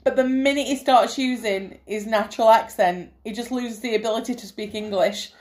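A woman's voice: fairly high pitch, normal speed, darkish tone, a little hiss or hum. A woman co-hosting a casual film review podcast, enthusiastic, laughing often and swearing freely. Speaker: podcast co-host.

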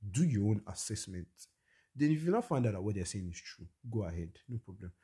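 Very animated and brisk, this young man's fairly low voice has a dark tone and a breathy edge. He's telling a personal story on his podcast as a casual monologue, in a blunt and opinionated manner.

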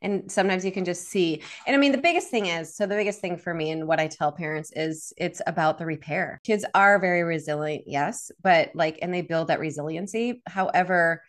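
A woman's voice: lowish voice, fairly quick, hardly any pauses. A woman therapist and coach talking candidly as a podcast guest, acting out quoted moments from family life. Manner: candid, expressive, acts out little quoted scenes. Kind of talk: casual interview talk.

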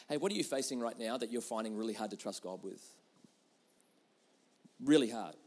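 A man preaching a sermon, earnest and acting out prayers, swinging between loud outbursts and hushed moments. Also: on the low side, expressive, moderate pace. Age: adult parent. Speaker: pastor.

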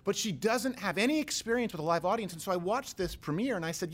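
A man hosting a comedy talk podcast, riffing in quick, joking banter. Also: high voice. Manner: animated, quick, joking asides. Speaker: host.

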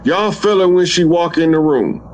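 A man's voice: on the high side, lively intonation, normal speed, darkish tone, rough recording. A man in a casual spiritual talk who speaks straight to the listeners in a folksy way. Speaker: speaker on love and energy.

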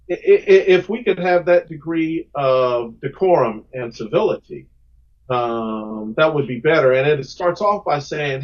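The guest, a comic book creator, talks about his comics in a podcast interview with an unhurried voice on the high side, and the sound is dull. He comes across as earnest and emphatic, repeating words as each thought gets going.

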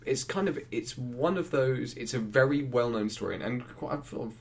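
A man's voice: mid-range voice, expressive, normal speed, creaky, darkish tone. A man co-hosting a film review podcast, talking casually with frequent restarts and laughter. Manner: rambling, restarts often, laughs easily.

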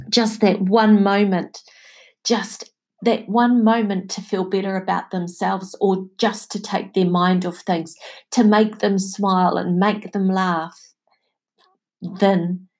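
A middle-aged woman hosting a podcast, sharing personal stories in a chatty, heartfelt way and laughing softly now and then. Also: medium pitch. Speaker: podcast host. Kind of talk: reflective personal talk.

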